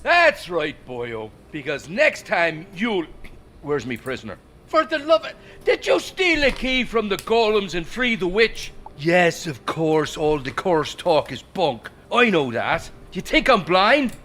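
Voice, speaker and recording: Exasperated guard captain, high lively voice, bright, faint noise behind. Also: male voice, measured pace, exaggerated voice. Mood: blustering. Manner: blustery, exasperated. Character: harried blustering male security chief.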